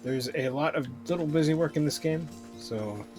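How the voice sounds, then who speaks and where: A man casually narrating his gameplay as a streamer, murmuring to himself in a relaxed way. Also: a little high, moderate pace. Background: game music.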